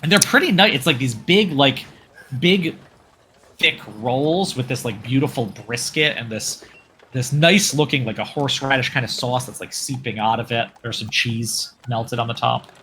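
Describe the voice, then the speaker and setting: A man running a tabletop game, describing scenes in a loose, rambling way with plenty of fillers. His voice is bright and mid-pitched, and faint noise hums in the background. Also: moderate pace. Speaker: game master.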